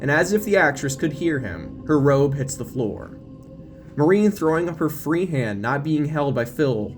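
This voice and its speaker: A man narrating a scripted audio drama in an expressive storytelling manner. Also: a little high, unhurried, music in the background.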